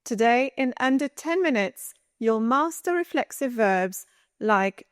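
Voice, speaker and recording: Slow, clear woman teaching a language. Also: a little high, expressive, dry recording, studio quality. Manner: upbeat, coaching, slow and clear. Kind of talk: scripted lesson narration.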